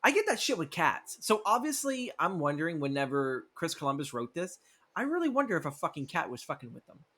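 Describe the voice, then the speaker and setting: A man's voice: fairly high pitch, big pitch swings, fairly quick, bright, forceful tone. A man co-hosting a podcast, recapping a movie script in a rambling, profane way and acting out the characters' lines as he goes. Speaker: podcast co-host.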